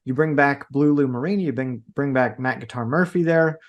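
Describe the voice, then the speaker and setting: A man's voice: mid-range voice, brisk, lo-fi sound. A man co-hosting a podcast, making an earnest point in a lecturing way during casual chat. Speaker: podcast co-host.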